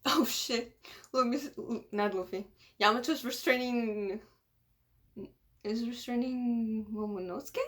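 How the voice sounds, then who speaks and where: A woman giving casual reaction commentary, emotional and quick to laugh and exclaim. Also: on the high side, a bit bright. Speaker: anime reactor.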